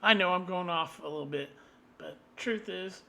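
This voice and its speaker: A man delivering an angry, profane solo rant, combative and swinging into loud outbursts. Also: high voice, normal speed, gravelly. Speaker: vlogger.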